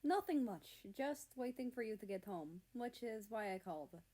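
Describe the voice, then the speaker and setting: A woman voicing a loving man who hides his nerves, speaking softly and affectionately in a storybook reading. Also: fairly high pitch, lively intonation, moderate pace. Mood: tender. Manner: soft and affectionate. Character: tender, loving man, secretly nervous.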